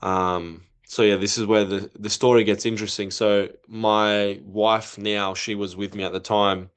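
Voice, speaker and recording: A man with a fairly low voice tells a story in casual podcast conversation. He gets animated and acts out what people said. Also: unhurried, smooth. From not from Europe. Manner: animated, acts out quoted dialogue. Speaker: podcast guest, former footballer.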